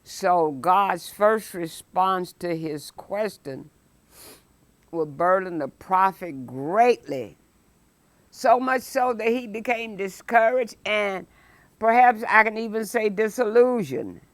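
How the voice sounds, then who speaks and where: A woman teaching a Sunday school lesson, preaching emphatically and breaking into loud exclamations. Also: medium pitch, animated, no room sound. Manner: emphatic, rises to shouted exclamations; slow, deliberate phrasing.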